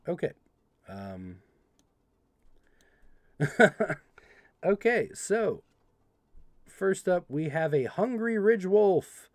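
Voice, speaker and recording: A young man hosts a live card-opening stream, rattling through card text and tossing playful asides to his viewers. His voice swings widely in pitch and sits a little higher than most men's. The sound is close and dry, with no room echo. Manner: animated, reads card text quickly, playful asides to chat. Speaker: livestream host opening card packs. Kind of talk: casual livestream commentary.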